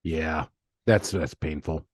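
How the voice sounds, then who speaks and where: A man hosting a podcast, telling lively stories with many restarts. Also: very deep voice, takes it slowly, no room sound, clean studio sound. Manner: animated storyteller, many restarts. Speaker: podcast host. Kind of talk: casual podcast interview.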